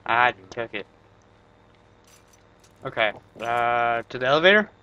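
A young man co-hosting a casual let's play, excitable and quick to panic when the game turns tense. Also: medium pitch, clear, resonant tone, lo-fi sound. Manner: excitable, panicky under pressure. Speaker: gaming co-host.

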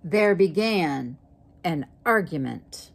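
A woman reading a picture book aloud in a slow, expressive manner. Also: lowish voice, creaky, breathy edge. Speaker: storybook reader.

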